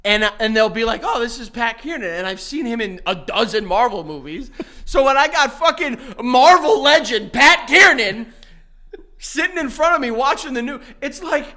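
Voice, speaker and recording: A man co-hosting a podcast in casual, joking, excitable chat. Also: very high voice, normal speed. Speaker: podcast co-host.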